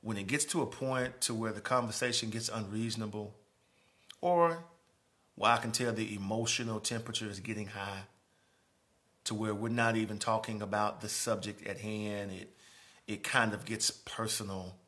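Bright-voiced preacher, quiet to emphatic. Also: male voice, lowish voice, measured pace. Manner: builds from quiet speaking to raised emphatic preaching. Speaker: pastor. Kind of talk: sermon. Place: church sanctuary.

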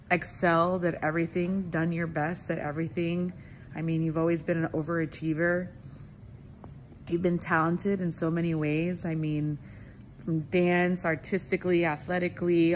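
Brief: loving mom, lower-pitched, near tears, heartfelt recorded message. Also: female voice, slight background noise. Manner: tender and tearful, fighting back tears. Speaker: mother giving a graduation message.

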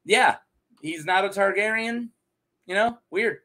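A man casually retelling fantasy lore as a channel host, jokey and animated, laughing at his own asides. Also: high voice, measured pace.

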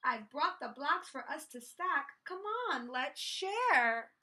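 A woman's voice: sits high, animated, takes it slowly, sharp tone, full character voice. A woman voicing a greedy, grabby little boy dinosaur who roars and whines in a storybook reading. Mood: pleading.

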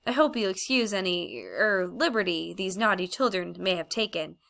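A woman voicing a nervous, fawning old gentleman magician in an audiobook, stammering and overly polite. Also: medium pitch, big pitch swings, normal speed, vocal fry. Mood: flustered. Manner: stammering, obsequious.

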